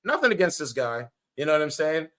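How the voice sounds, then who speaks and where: A man's voice: a little high, very animated, fairly quick, sharp tone. A man giving casual, blunt reaction commentary, rambling and swearing as he goes. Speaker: streamer commentator.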